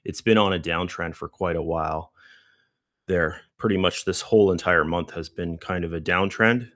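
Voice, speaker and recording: A man's voice: deep voice, normal speed, fairly bright tone, no room sound, studio quality. A man hosting a live trading session, out of breath and rambling casually with lots of fillers as he walks through the charts. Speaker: trading livestream host. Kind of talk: casual live market commentary.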